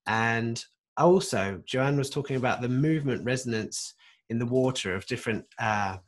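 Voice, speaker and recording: A man's voice: medium pitch, moderate pace. A man hosting a webinar, reading out course dates in a loose, hesitant way over a video call. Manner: loose, hesitant announcing with fillers. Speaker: webinar host.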